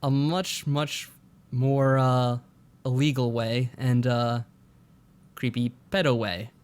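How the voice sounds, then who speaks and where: A man's voice: mid-range voice, level tone, slow pace, clear, resonant tone. A man streaming a visual novel, reading its text aloud and making dry, sarcastic remarks. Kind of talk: casual let's-play commentary, reading game text aloud.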